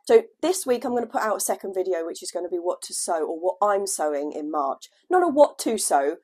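A woman chatting casually at home on her gardening vlog, her voice lowered by a cold, laughing at herself now and then. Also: animated, a little fast, darkish tone, husky. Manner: chatty, self-deprecating, laughs often. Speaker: gardening vlogger. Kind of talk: casual chat. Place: at home indoors, at a desk.

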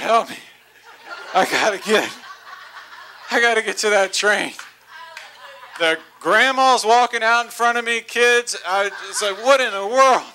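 A man in his forties tells a comic story from the pulpit, laughing as he goes and building to excited near-shouts. His voice sits a little high and rings bright and forceful. He preaches in a church. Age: 40s. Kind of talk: storytelling sermon. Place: church sanctuary.

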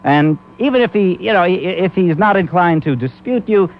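A man's voice: high-pitched, animated, fairly quick, few pauses, a little hiss or hum. A man hosting a comic talk radio show, rambling and laughing often. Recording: muffled old AM radio recording.

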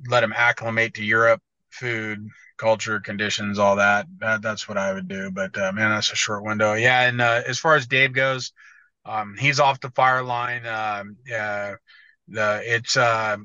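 A blunt American man chats as a podcast guest, swearing freely and tripping over his own restarts. His voice is bright and forceful. The sound is dull and lo-fi, with a dry, close feel. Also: lowish voice, no room sound. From United States. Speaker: guest motocross editor. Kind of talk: casual podcast chat.

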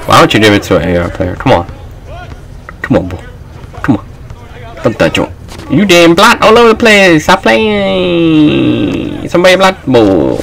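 A young man giving loose, trash-talking commentary while he plays a basketball video game, often shouting at his teammates and the game. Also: medium pitch, vocal fry, low-quality recording. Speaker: gaming channel host. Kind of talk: live gameplay commentary.

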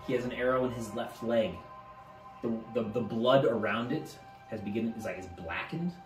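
A man narrating a tabletop game as game master, halting now and then and repeating words. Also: medium pitch. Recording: roomy, distant mic, faint music.

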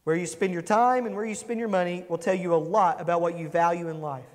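A man's voice: sits high, steady tone, fast, in a large hall. A man preaching a conversational sermon, asking the congregation questions. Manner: conversational, asks the congregation questions, acts out quotes. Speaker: pastor.

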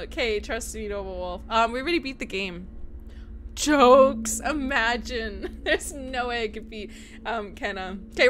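A woman's voice: fairly high pitch, a bit bright. A young woman from Canada chatting casually while livestreaming a horror game, giggling and reading chat aloud. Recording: music playing underneath.

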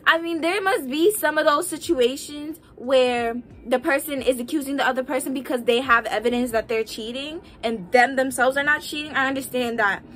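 Sassy high-voiced young woman vlogger. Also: normal speed, hardly any pauses. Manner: sassy, animated, talks straight to the viewer. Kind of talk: casual relationship-advice vlog.

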